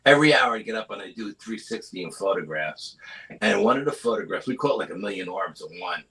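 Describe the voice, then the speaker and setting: Forceful, low-voiced middle-aged man telling a story. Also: fairly quick, low-quality recording. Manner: animated storyteller, often adds "you know?". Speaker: guest, cryptid investigator. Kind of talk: storytelling in a live interview.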